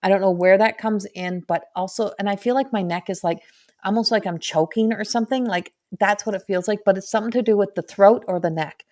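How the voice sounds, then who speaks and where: Halting woman giving a medium reading. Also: medium pitch, a little mellow. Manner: halting, searching, full of restarts and "like". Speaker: intuitive medium. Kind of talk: live channeled reading.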